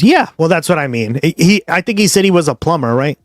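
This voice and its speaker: A man's voice: fairly high pitch, expressive, fast talker, hardly any pauses, dry recording, faint music behind. A man from the Boston area with a Boston accent, chatting casually and profanely to viewers on a live stream. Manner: rambling, profane, addresses viewers directly. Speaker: livestream host.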